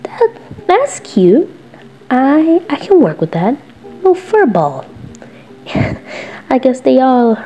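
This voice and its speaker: A woman's voice: on the high side, lively intonation, slow pace, dark tone, voice pushed up. A woman voicing an upbeat, affectionate young male turtle hero who whines and gushes playfully in a fan role-play for the listener. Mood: cheerful. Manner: whiny, playful and clingy.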